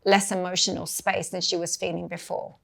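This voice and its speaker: English woman with a gravelly low voice. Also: level tone, a little fast, a bit bright. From England. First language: Maltese. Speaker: guest coach. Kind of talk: conversational interview.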